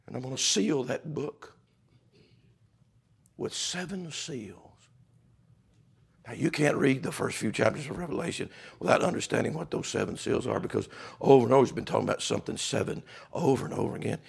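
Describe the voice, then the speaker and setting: A man's voice: medium pitch, animated, a little fast, creaky, breathy edge. A man preaching a fervent sermon. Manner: fervent, builds to loud climaxes.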